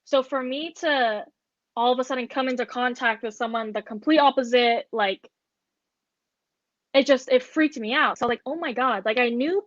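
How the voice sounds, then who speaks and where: A woman's voice: fairly high pitch, moderate pace, no echo. A young woman co-hosting a podcast, telling a story in casual chat with lots of filler words. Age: young adult. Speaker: podcast co-host. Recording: dull lo-fi dry sound.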